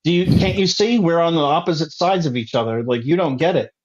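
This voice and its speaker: A man's voice: on the high side, fast. A man in a casual chat, ranting hotly and swearing freely. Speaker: guest. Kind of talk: casual conversation. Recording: dull lo-fi sound.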